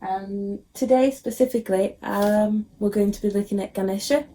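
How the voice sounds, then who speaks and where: A woman teacher reading a picture book aloud to children, expressive and with frequent ums. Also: mid-range voice, normal speed, slight background noise.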